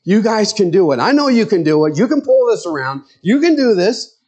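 A man's voice: sits high, big pitch swings, fairly quick, a little mellow, pitched above the performer's own voice. A man voicing an older man who cheers a football team on the television, eager and urging. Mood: cheering.

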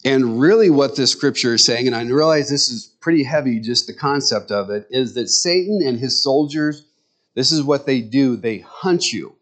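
A man's voice: mid-range voice, moderate pace, a bit bright. A middle-aged man preaching a sermon in a conversational way, with joking asides to the congregation. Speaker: pastor.

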